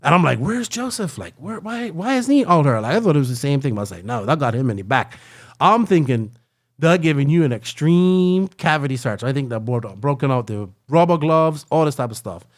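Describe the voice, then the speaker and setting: A man telling a long travel story in casual podcast chat, rambling and animated, tagging lines with "right?" and "like". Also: medium pitch, fairly quick.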